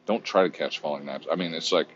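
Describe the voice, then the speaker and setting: A man's voice: extremely low pitch, fast, muffled recording, a little hiss or hum. A man vlogging in a casual, rambling, profane way while browsing online, often mocking himself.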